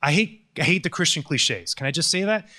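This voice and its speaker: A man's voice: a little high, brisk. A man giving a conversational, sarcastic lecture, telling stories with lots of energy. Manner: conversational, sarcastic, animated storytelling. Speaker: Catholic lecturer. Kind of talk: recorded lecture.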